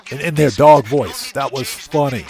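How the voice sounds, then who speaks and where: A man's voice: mid-range voice, creaky. A man hosting a live gaming stream, chatting casually with viewers and laughing easily. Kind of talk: casual live-stream chat while playing.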